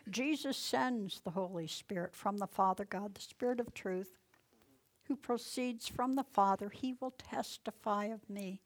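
A woman's voice: medium pitch, measured pace. A woman leading an informal Bible study, reading verses aloud with strong emphasis and commenting in a casual, folksy way, often dropping to a near whisper. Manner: reads verses aloud with loud emphasis, then drops to soft, near-whispered asides; conversational and folksy, with rhetorical questions.

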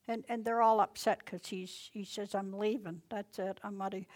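A woman's voice: medium pitch, moderate pace. A woman leading an informal Bible study, reading verses aloud with strong emphasis and commenting in a casual, folksy way, often dropping to a near whisper. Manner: reads verses aloud with loud emphasis, then drops to soft, near-whispered asides; conversational and folksy, with rhetorical questions.

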